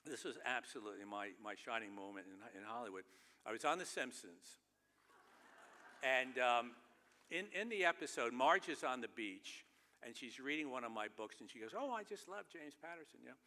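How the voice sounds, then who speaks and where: A man with a bright, crisp voice tells wry, self-deprecating stories to an audience. His speech rings out with the long reverb of a large theater. He talks loosely and conversationally, as if chatting with friends. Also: medium pitch, normal speed. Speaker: keynote speaker. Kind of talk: humorous anecdotal speech.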